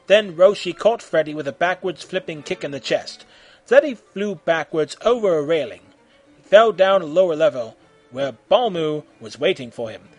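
A man reading a fan fiction story aloud in an animated way, acting out the shouted voices. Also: a little high, normal speed, soft background music.

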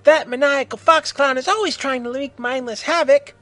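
A man's voice: very high-pitched, normal speed, faint music behind, pitched above the performer's own voice. A man voicing a gritty, hot-tempered female vigilante hero who barks threats in an amateur audio story. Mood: angry. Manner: shouting, barking threats.

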